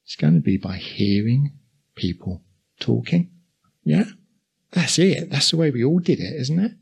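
A man's voice: mid-range voice, creaky, darkish tone, slightly rough. An older man with an Essex accent preaching a sermon in a conversational way, full of asides to the congregation. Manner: conversational, with asides and quick chuckles.

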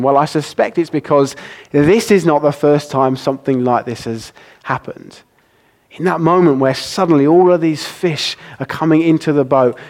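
Male preacher, slightly higher voice, animated storyteller with soft serious dips. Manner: animated storytelling, rising high when excited and dropping soft for serious points. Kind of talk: sermon.

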